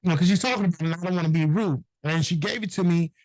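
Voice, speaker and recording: Animated, profane man telling stories. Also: sits high, very fast, no echo, poor audio. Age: middle-aged. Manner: animated, profane, acts out voices in anecdotes. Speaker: notary business owner, guest. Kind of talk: casual storytelling interview.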